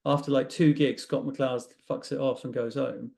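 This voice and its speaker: Man, podcast host, excitable, gravelly, mellow tone, swears casually. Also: mid-range voice, moderate pace. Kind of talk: casual interview chat.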